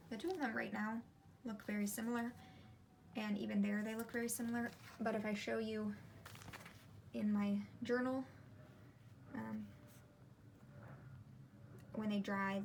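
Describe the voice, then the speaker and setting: Chatty woman with a gravelly voice. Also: a little high, fairly even intonation, measured pace, pauses often, slight background noise. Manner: chatty, meandering, self-interrupting. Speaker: ink collection vlogger. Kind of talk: casual rambling vlog while swatching. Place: home desk.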